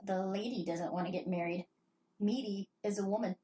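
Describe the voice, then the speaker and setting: A woman's voice: medium pitch, a little fast, dark tone, poor audio. A woman co-hosting a casual podcast chat who laughs easily, pokes fun at herself and reads book blurbs aloud. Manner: cheerful, laughs easily, self-deprecating. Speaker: podcast co-host.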